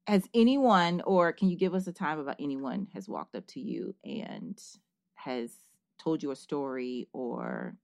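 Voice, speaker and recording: Low voiced lady host, relaxed chatty questions, dry mic. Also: measured pace, gravelly, dry recording. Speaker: podcast host. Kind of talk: casual interview chat.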